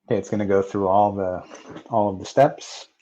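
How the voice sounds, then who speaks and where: A man narrating a technical software walkthrough step by step, in a plain manner with occasional fillers. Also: on the low side, steady tone, normal speed, dull audio. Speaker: software tutorial presenter. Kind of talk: screen-recorded technical walkthrough.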